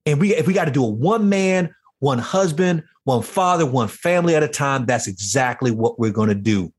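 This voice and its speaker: A man's voice: medium pitch, animated, normal speed, breathy edge. A man as a podcast guest giving an emotional personal testimony with a fervent, preacher-like delivery.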